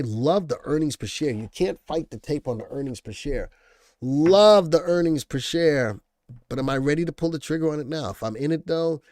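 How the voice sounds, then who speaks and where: A man's voice: on the high side, darkish tone, dry recording, studio quality. A man hosting a live stock-analysis stream, talking casually, thinking aloud and answering viewer comments. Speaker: stock market show host.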